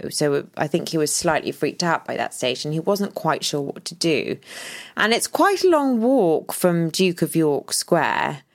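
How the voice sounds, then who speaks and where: A woman co-hosting a podcast, telling a story casually and dramatically, acting out what people said. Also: deep voice. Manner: lively, dramatic retelling that acts out quoted speech. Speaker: podcast co-host.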